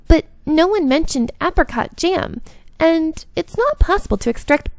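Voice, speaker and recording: A woman putting on a strange, high lady sleuth. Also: animated, normal speed, no echo. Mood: inquisitive. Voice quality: oddly pitched, strange put-on voice. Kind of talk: reading a visual novel aloud.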